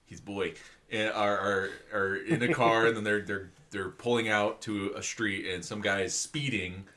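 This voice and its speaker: Bright low-voiced male co-host telling a story. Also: steady tone, measured pace. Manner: storytelling, laughs while talking. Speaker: podcast co-host. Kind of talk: casual chat.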